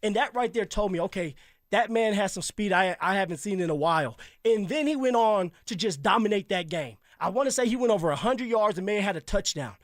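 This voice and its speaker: A man who co-hosts a sports radio show, a former pro football player telling animated stories in casual talk. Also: sits high, a little fast, no room sound, clean studio sound. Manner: animated, laughing storyteller. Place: radio studio.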